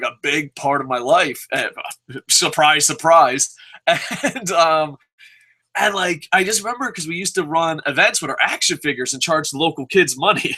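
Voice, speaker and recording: Podcast host, male, 30s, from New Jersey: fairly high, bright voice, profane and laughing through casual stories. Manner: profane, laughs often while talking. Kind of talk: casual storytelling.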